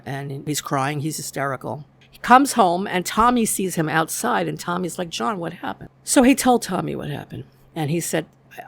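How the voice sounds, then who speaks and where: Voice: medium pitch, vocal fry, fairly bright tone. A TV show reviewer giving a chatty, casual recap of an episode's plot, with the odd light laugh.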